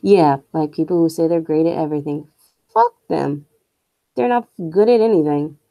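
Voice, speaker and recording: A young woman streaming and venting her opinions, blunt and quick to swear. Her voice sits a little low and sounds mellow, and the recording is dry and close, with no room sound. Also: gravelly, no echo. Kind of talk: casual rant while streaming.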